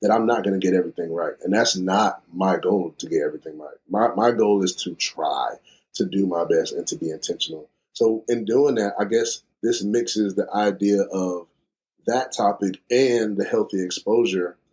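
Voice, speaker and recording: A man's voice: low voice, moderate pace, a little mellow. A man hosting a podcast, talking reflectively and thinking aloud in casual conversation. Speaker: podcast host.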